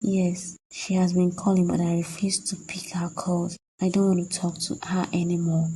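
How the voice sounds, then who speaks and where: A woman's voice: on the low side, flat delivery, moderate pace, dark tone, poor audio. A woman voicing a heartbroken, betrayed young fiancée in a cartoon, talking in a distressed, accusing way. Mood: despairing. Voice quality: husky, gravelly. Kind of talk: cartoon voice acting.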